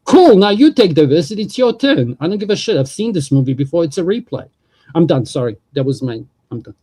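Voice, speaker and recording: A man's voice: fairly high pitch, very animated, fast, dark tone, breathy edge. A man hosting a livestream, talking politics in a casual, profane, rambling way.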